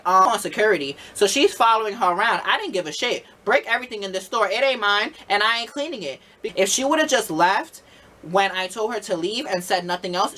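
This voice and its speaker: A young adult man telling a casual storytime about managing a store, animated, full of "like" fillers and swearing as he acts out both sides. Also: sits high.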